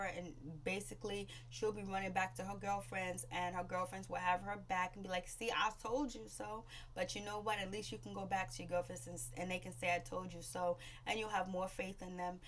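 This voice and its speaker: A woman at a middling pitch recaps a reality show episode in a loose, chatty way. She rambles through fillers and slips into raised voices to act out the lines people said. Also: a bit bright, slight background noise. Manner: chatty and rambling, with many "you know, um" fillers. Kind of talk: casual spoken show recap.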